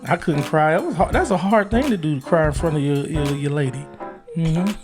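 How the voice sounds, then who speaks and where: A man's voice: a little high, a little fast, music in the background. A man co-hosting a casual podcast chat with his wife, playful and given to dramatic emphasis. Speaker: podcast co-host.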